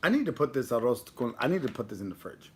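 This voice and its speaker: A man's voice: mid-range voice, big pitch swings, fast, a little mellow. A man hosting a casual live stream, rambling and joking while he talks to his dog and to the chat. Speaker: livestream host.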